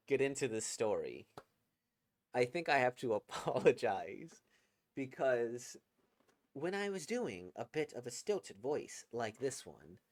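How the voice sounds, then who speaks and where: Rambling, animated male game commentator. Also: medium pitch. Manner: rambling, laughing asides. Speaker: game reaction host. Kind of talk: casual reaction commentary.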